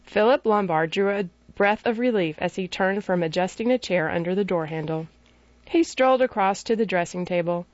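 A woman's voice: medium pitch, darkish tone, no echo. Woman narrating an audiobook, dry sound. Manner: measured, gives characters distinct voices. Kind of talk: scripted narration. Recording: dry, slightly dull recording.

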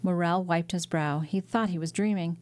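A woman narrates a classic novel as an audiobook. Her voice sits a little low. She reads in a measured, dramatic way. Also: a little mellow, dry recording. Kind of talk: scripted narration.

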